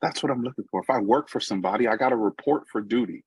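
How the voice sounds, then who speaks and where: A man's voice: mid-range voice, quick pace, husky, dry recording, poor audio. A middle-aged man from New York with a New York accent, giving a personal recovery talk in a conversational storytelling way with frequent asides to listeners. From New York, USA. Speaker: recovery meeting speaker.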